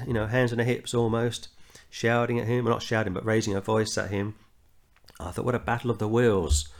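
A middle-aged Englishman, teaching a verse-by-verse Bible study and telling anecdotes, earnestly reading scripture with rising emphasis. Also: on the low side. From England.

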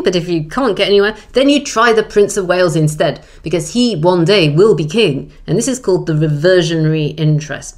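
A middle-aged woman with a notably low voice, telling history as a guest in an interview. She is wry and lively, and she acts out the quoted lines as she tells them. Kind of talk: animated storytelling interview.

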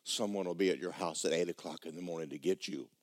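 A man voicing a gentle, earnest young suitor. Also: deep voice, fast talker, voice pushed down, close to an everyday voice.

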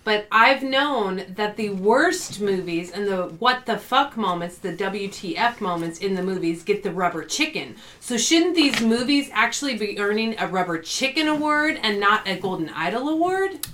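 A woman on a podcast panel asking a curious question in casual chat. Her voice is mid-pitched, with faint noise and clicks in the background. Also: lively intonation, normal speed, few pauses, fairly bright tone.

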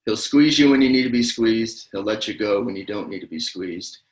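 A man's voice: fairly low pitch, lively intonation, a little fast, roomy sound, poor audio. A man co-hosting a casual faith podcast, speaking in an earnest, reassuring and plainspoken way. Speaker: podcast co-host.

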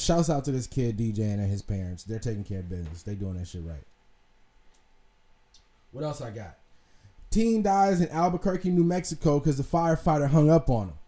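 Mellow casual man talking commentary. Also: mid-range voice. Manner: conversational, swears freely, trails off and restarts. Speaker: podcast host.

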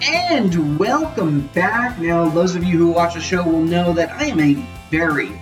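A man's voice: fairly high pitch, little pitch movement, a little fast, recorded from a distance, soft background music, rough recording. A man hosting a casual sports podcast, jokey and rambling, often correcting himself. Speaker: podcast host.

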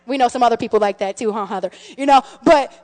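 Woman pastor, middle-aged, high voice, lively storytelling sermon in a reverberant hall. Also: quick pace. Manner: animated storytelling, many restarts, addresses the congregation as friends. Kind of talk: sermon with personal stories.

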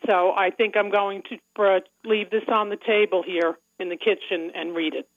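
A woman's voice: mid-range voice, steady tone, moderate pace, no echo. A woman with a thick Long Island accent, calling in to a radio show and chatting with frequent laughs. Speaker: caller. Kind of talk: casual phone call. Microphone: telephone. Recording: muffled phone line.

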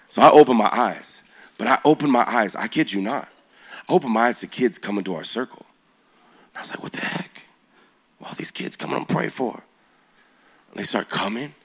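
Man in his forties, youth preacher; low voice, animated storyteller who quizzes the crowd. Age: 40s. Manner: animated, slangy, asks the audience questions.

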